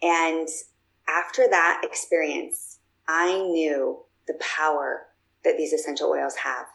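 A woman's voice: sits low, level tone, slow pace, creaky, a bit bright, rough recording. A woman guest telling personal stories in a casual, chatty way, with plenty of fillers and restarts. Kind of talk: casual storytelling.

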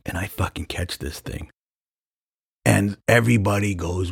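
A middle-aged man telling a sports story in a casual, animated way, laughing often and jumping into high voices when he quotes people. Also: moderate pace, no echo, clean studio sound.

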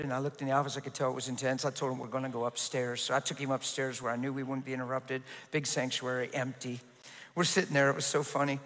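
A man preaching a sermon as pastor, telling a story in an animated way, laughing and acting out the voices of the people in it. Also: medium pitch. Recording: reverberant hall.

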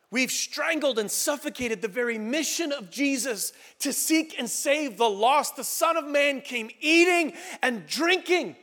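High-voiced preacher in a reverberant hall. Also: male voice. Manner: animated, drops into muttering voices for inner grumbling. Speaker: pastor. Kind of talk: sermon.

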